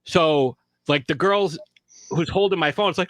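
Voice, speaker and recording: This is casual storytelling from a podcast guest: a man recounting a long personal story at normal speed, acting out the quotes with high voices. There's no room sound.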